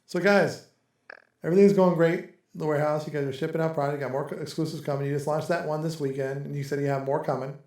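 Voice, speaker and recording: A man's voice: on the high side, steady tone, fast talker, a little mellow, echoey room. A man hosting a casual chat among friends, talking in a loose, rambling way and laughing often. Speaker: podcast host. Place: home in Texas.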